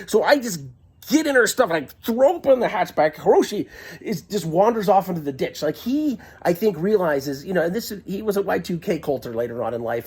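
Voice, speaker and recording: A man telling a comic personal story into a handheld camera, excitable and prone to giggling, shouting when he quotes himself. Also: high voice, breathy edge.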